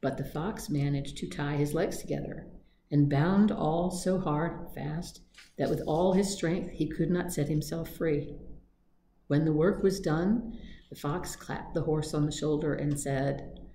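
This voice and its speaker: A woman librarian reading fairy tales aloud in a gentle, steady storybook voice. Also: sits low, measured pace, slight background noise. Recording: echoey room with faint ambience.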